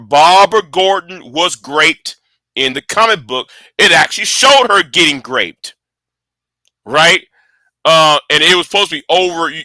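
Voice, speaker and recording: Man, high and lively voice, very bright tone, excitable, swears a lot, stammers, dry close sound. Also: dry recording. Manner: excitable, swears often, stammers and repeats words. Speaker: online commentator. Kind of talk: casual rambling commentary.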